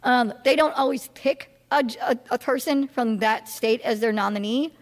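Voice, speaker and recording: Woman, political science instructor, high voice, casual classroom delivery with fillers and restarts, long reverb around her. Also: moderate pace. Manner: chatty, many fillers and restarts, asks the audience questions. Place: classroom or lecture hall.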